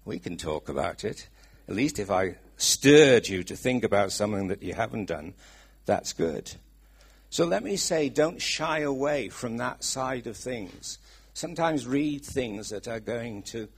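Casting: middle-aged Welsh man, preacher, husky voice, talks with the congregation. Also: mid-range voice. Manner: chatty, asks the congregation questions. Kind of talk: sermon.

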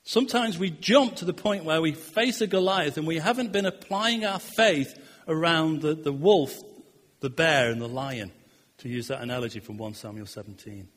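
Pastor guy preaching, fairly high voice, earnest, stumbles over words, big echo hall. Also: moderate pace, fairly bright tone. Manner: earnest, repeats words, voice swells and drops. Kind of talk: sermon. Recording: long hall reverb.

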